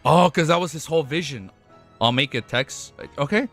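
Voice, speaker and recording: A young man streaming live, chatting casually with his audience, excitable and swearing often, tripping over his words and laughing. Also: a little high, normal speed, faint music behind. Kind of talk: casual livestream chat.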